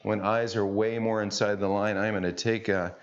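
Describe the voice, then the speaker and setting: A man's voice: on the low side, level tone, normal speed, a little hiss or hum. A middle-aged man teaching golf, chatty and folksy with joking asides. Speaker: golf instructor. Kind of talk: on-course instruction. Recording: dull lo-fi sound.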